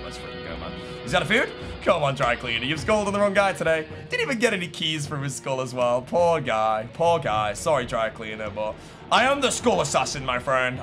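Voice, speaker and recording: Excitable man, lively voice. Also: mid-range voice. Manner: excitable, swings from muttering to loud shouts. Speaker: gamer. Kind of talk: live gameplay commentary.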